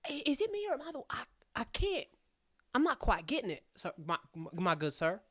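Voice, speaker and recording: A woman's voice: fairly high pitch, huge pitch swings, a little fast, a bit bright, slightly rough, voice pushed up, heavily acted. A woman voicing a tiny, bald, very old male gnome prospector who talks in folksy exclamations and stammers. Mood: puzzled.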